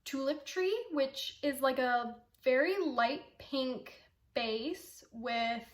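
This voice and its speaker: A woman's voice: high voice, slow, distant mic. A young woman hosting a knitting podcast from home, chatting casually and gushing, with lots of fillers. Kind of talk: casual chat to camera. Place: at home with her dog. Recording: echoey room, voice off-mic.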